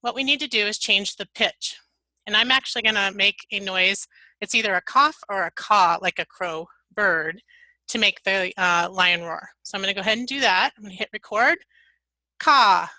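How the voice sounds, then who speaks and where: Woman presenter, bright tone, dry room, upbeat instructional delivery. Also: mid-range voice, brisk, no room sound, rough recording. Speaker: webinar presenter. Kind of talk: software tutorial webinar.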